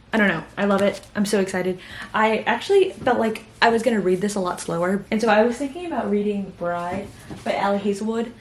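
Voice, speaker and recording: A woman's voice: mid-range voice, slight background noise. Chatty young woman vlogging about books. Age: young adult. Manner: chatty and gushing, with many fillers. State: tired. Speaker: book vlogger. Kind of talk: casual reading vlog chat.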